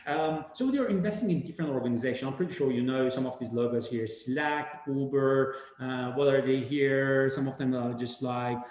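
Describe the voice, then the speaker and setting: A man giving a casual webinar talk, animated and rambling, full of fillers and restarts. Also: medium pitch, moderate pace, few pauses, a little hiss or hum. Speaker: webinar speaker. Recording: very echoey room.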